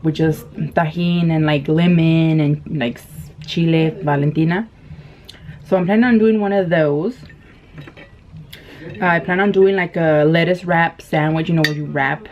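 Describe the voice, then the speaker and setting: A woman in her thirties telling a story while eating on camera, in casual chat full of fillers and laughs. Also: fairly low pitch. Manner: chatty, laughs often, many fillers. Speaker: mukbang vlogger. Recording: dull lo-fi camera audio with faint noise.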